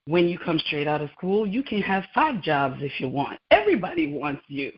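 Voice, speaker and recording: Her voice sitting low and animated at a normal speed, a lab scientist guesting on a radio interview recounts her story, laughing frequently and performing bits of dialogue. The recording sounds muffled and lo-fi.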